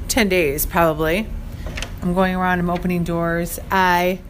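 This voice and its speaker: A woman's voice: medium pitch, fairly bright tone, slight background noise. Rambling, chatty woman podcast host. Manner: rambling, chatty, often laughing. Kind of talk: casual solo podcast chat. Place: her studio.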